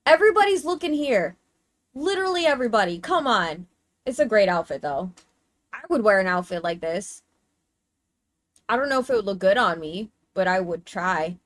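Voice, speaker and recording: A woman's voice: medium pitch, fairly bright tone, dry recording. A woman streamer chatting casually while showing pictures, gushing and cooing in baby talk, with casual swearing.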